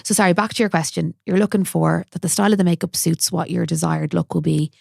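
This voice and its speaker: An Irish woman, a makeup artist, chatting as a podcast guest in a quick, self-deprecating way. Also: on the low side, steady tone, creaky, darkish tone, husky, no room sound, clean studio sound. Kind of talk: casual podcast chat.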